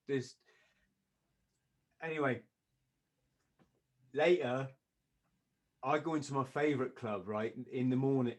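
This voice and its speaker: A man, a podcast guest, telling a story in a lively way, often laughing and acting out what others said. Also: medium pitch. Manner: lively, acts out quoted voices, laughs often.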